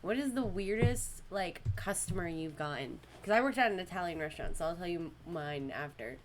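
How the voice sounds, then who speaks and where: A woman's voice: a little fast, noisy background. A young woman hosting a casual podcast, telling work stories with lots of laughter and acted-out voices. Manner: animated storyteller, acts out customers in high voices, laughs often. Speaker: podcast host. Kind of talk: casual chat.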